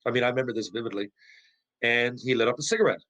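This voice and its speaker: The recording is rough, and the middle-aged guest, a former pro hockey player, talks very fast in a mid-range voice. His casual podcast storytelling is animated and full of profanity, restarts and rhetorical questions.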